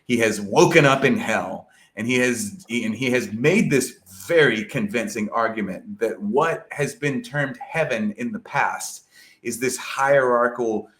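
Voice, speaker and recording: A podcast guest discussing an epic poem talks in a medium-pitched, fairly bright voice at a measured pace. He rambles loosely with many fillers and restarts, lots of "like" and "you know," and a bit of profanity.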